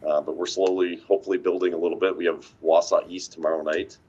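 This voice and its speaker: A man's voice: low voice, flat delivery, fast talker, a little mellow, husky, lo-fi sound. A man co-hosting a casual sports talk show, an easygoing coach who rambles and laughs often. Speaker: coach and podcast co-host.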